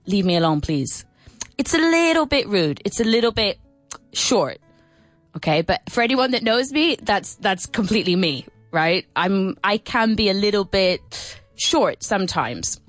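A woman hosts a casual lesson on the radio, chatting and breaking down expressions. Her voice sits at a middle pitch and sounds dry and close, with faint music underneath. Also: no echo. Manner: chatty, explains phrases, spells words out. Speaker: radio English teacher and show host. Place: radio studio.

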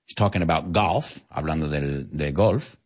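A man teaching English to Spanish speakers, animated, explaining and repeating words as he goes. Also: very deep voice, normal speed. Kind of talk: bilingual language lesson.

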